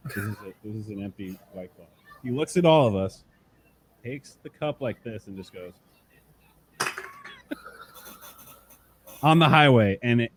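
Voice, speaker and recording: A man's voice: mid-range voice, background noise. A man guest on a talk show, telling tour stories in casual chat, swearing freely and acting out the people in them. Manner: animated storyteller, swears freely, acts out voices. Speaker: podcast guest, tattoo artist.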